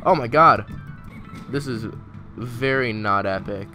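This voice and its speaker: A man doing casual let's-play commentary, excitable and trash-talking, swearing at the game as he plays. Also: medium pitch, slow, soft background music. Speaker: gameplay commentator.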